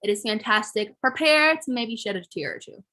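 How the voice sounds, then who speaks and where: A woman's voice: on the high side, animated, moderate pace, sharp tone. A teenage girl hosting a talk show, introducing a clip in a gushing, enthusiastic way. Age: teens.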